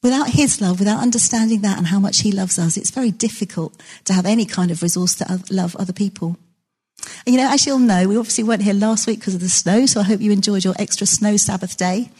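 A woman preaching to her church in an easy, chatty manner. Her voice has a soft, breathy, slightly husky edge and sits at an ordinary middle pitch. She leans on light self-deprecating stories. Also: quick pace. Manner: warm, conversational, self-deprecating storytelling. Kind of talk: sermon.

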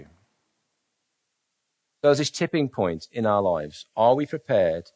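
A man preaching a sermon, earnest, asking rhetorical questions and softly voicing inner doubts. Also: fairly low pitch, sing-song, takes it slowly, long pauses.

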